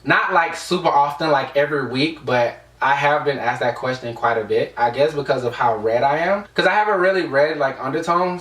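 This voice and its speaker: A man's voice: mid-range voice, fairly bright tone, far from the mic. A young man from the United States telling a casual storytime vlog, rambling with lots of fillers. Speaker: vlogger. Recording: echoey room, away from the mic.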